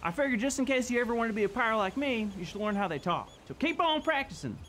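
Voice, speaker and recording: A man voicing a goofy, excitable male kids-show character who wants to be a pirate, in a silly children's show skit with jokey pirate growls. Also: extremely high pitch, quick pace, a little hiss or hum. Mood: playful. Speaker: co-host.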